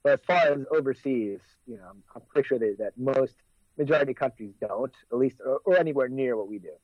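A man's voice: medium pitch, fairly quick, no room sound. Man, forties, from the US, casual podcast chat, rambling, fillers and restarts, dull dry recording. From United States. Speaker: podcast co-host.

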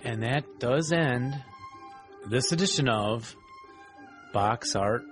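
A man's voice: medium pitch, expressive, slow pace, fairly bright tone, soft background music. A man hosting a podcast, chatting casually and teasing with dry humor. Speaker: podcast host.

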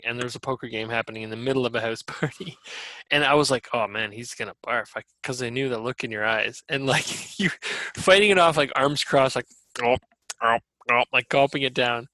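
A man co-hosting a podcast, telling stories in a loose, animated way with frequent laughs and casual swearing. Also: mid-range voice, brisk, no room sound. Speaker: podcast co-host. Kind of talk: casual chat.

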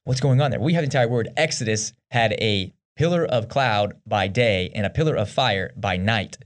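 A man co-hosting a podcast in a studio, chatting casually about faith with an energetic, slangy manner. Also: lowish voice, moderate pace. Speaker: podcast co-host.

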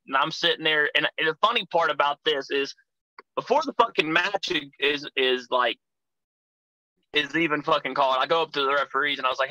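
A wrestler tells his stories, swearing freely and turning loud when he acts out his own past shouting. His voice is bright, tense and a little high for a man. The sound is dry and close. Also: a little fast, no echo, rough recording. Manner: profane, animated storyteller, acts out shouting in quotes. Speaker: professional wrestler guest. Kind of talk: casual storytelling chat.

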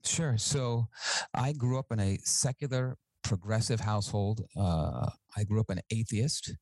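A man, a physician and author, telling his story as a guest in a radio interview, earnest and measured with small restarts. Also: on the low side, darkish tone, no echo, low-quality recording.

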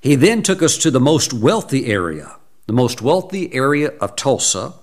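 A male preacher telling a story in a sermon, slowing down and leaning into the quoted lines. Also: medium pitch, very animated. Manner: slow, deliberate retelling with acted quotes.

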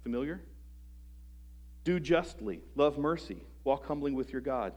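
A man preaching a sermon to a congregation. He is earnest, asks them rhetorical questions, restarts phrases often and lets his sentences trail off softly. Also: mid-range voice, lively intonation. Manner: halting restarts, soft trailing phrase ends. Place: church service before a congregation.

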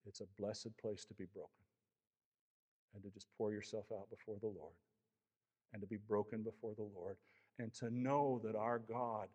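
A man's voice: on the low side, steady tone, normal speed, pauses often, darkish tone, muffled recording. Impassioned male preacher in a reverberant hall. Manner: impassioned preaching, voicing Elijah's lament. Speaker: pastor. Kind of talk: sermon.

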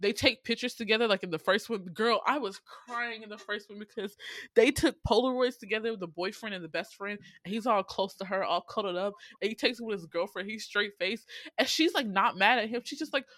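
A young woman co-hosting a casual chat, telling stories in an animated way, acting out quotes and swearing freely. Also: medium pitch, fairly quick, no room sound, clean studio sound. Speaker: podcast co-host.

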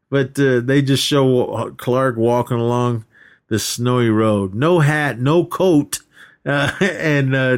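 Rambling man recapping a movie. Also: medium pitch. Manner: rambling retelling with quoted lines and laughs. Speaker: podcast co-host. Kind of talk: casual movie recap chat.

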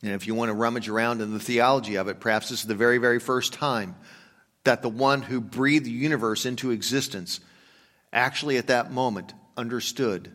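A male pastor preaching a sermon, moving between hushed, slow reflection and loud, emphatic urging. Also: medium pitch, steady tone. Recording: long reverb of a large hall.

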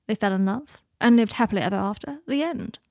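A woman's voice: mid-range voice, a little fast, a little mellow, dry recording, studio quality, close to an everyday voice. A woman reading an audiobook and voicing a bitter, sardonic young man who talks in a cold, mocking drawl. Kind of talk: audiobook reading of fan fiction.

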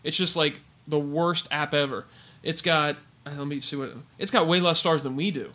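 A man's voice: on the high side, normal speed. A man co-hosting a podcast, chatting casually and ranting with lots of fillers. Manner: ranting, animated, filler-heavy. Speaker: podcast co-host. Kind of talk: casual chat.

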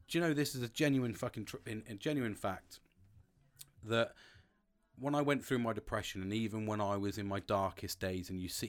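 A man with a somewhat low voice talks in a loose, casual chat. He rambles, starts sentences over and swears freely, in a frank and open way. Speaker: podcast host.

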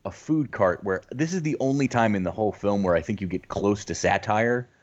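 A man co-hosting a casual movie podcast, playful and quick to laugh. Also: on the low side, lo-fi sound. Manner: playful, laughs often, tries silly impressions. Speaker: podcast co-host.

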